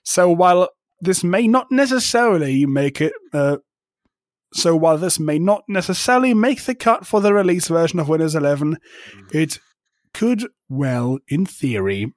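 A man's voice: a little high, expressive, normal speed, no echo. Sweary ranting man, dry close sound. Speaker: podcast co-host. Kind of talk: casual tech podcast chat.

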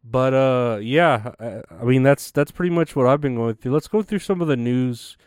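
A man's voice: medium pitch, normal speed, a little mellow, clear, resonant tone, dry recording, studio quality. A young man hosting a show, rambling casually and cursing often between laughs. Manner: profane, chatty, laughs often. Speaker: podcast host.

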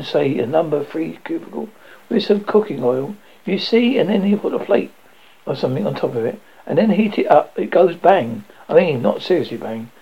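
A man's voice: a little high, gravelly, husky, full character voice. A man reading as a nervous little alchemist. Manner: fumbling, apologetic, halting delivery. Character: small nervous male alchemist treasurer. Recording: dull lo-fi audio.

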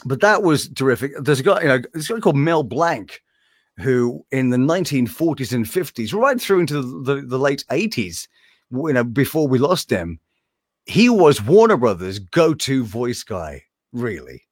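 A man's voice: medium pitch, moderate pace, no echo, clean studio sound. A man who works as a voice actor, talking casually in an interview in a room hung with animation art. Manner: animated, slips between impressions.

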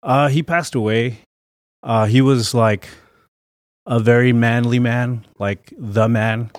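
A man as a guest on a casual podcast, answering in a relaxed, laid-back way. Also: medium pitch, slow, no room sound, studio quality. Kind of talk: casual chat. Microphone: studio mic.

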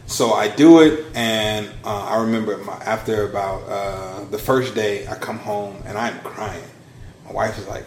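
Guy in his 30s on a podcast, lively storyteller, acts out the quotes, echoey room. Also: moderate pace, a little hiss or hum. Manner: animated storyteller, acts out quotes with big pitch swings. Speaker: podcast guest, launch strategist. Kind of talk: casual storytelling interview.

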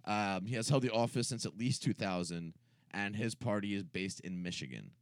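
A man's voice: lowish voice, moderate pace, no echo. A man co-hosting a casual comedy podcast, rambling through jokes and laughing at his own bits. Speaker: podcast co-host.

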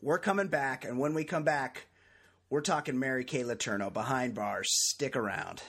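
A man's voice: medium pitch, moderate pace, a bit bright. A man hosting a casual podcast, joking and rambling in loose banter. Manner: jokey, rambling, self-mocking. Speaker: podcast host.

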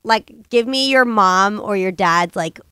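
A woman co-hosting a chat podcast who eagerly asks questions and jumps in quickly. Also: medium pitch, pushed and bright, smooth, dry recording, studio quality. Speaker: podcast co-host.

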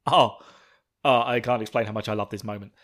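A man hosting a podcast, chatting in a rambling, excitable way with laughs and swearing. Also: on the low side, brisk. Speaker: podcast host. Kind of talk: casual podcast chat.

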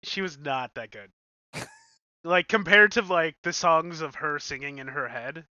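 A man co-hosting a casual movie-review chat, animated and jokey, swearing casually. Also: on the high side, a little slow, dry recording, lo-fi sound.

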